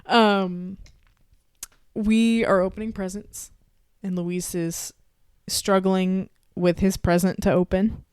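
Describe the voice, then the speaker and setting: A woman's voice: medium pitch, level tone, slow, darkish tone, clear, resonant tone, no echo. A young woman from Texas, co-hosting a podcast, chatting casually and telling stories with lots of fillers and frequent laughter. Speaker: podcast co-host. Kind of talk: casual chat.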